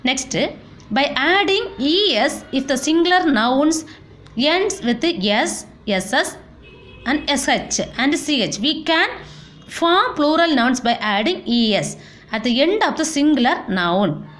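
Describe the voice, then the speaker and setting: A woman with teaches a school lesson, working through word lists one item at a time. Her voice sits high and swings widely in pitch. She often spells words out letter by letter. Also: animated, slow pace, a bit bright. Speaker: English teacher. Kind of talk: classroom lesson.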